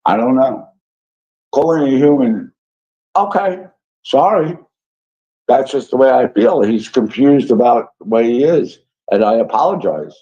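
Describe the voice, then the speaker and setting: A man's voice: medium pitch, animated, measured pace, mellow. Rambling man reading his stream chat. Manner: rambling, apologetic, frequent fillers. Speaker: livestream host reading chat. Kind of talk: casual livestream chat. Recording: dull lo-fi stream audio.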